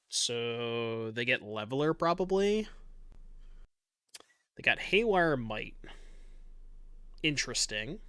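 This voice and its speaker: A man's voice: medium pitch, pushed and bright, clean tone, no room sound, studio quality. A man giving casual commentary on his online card game, thinking aloud in a chatty, self-mocking way and swearing now and then.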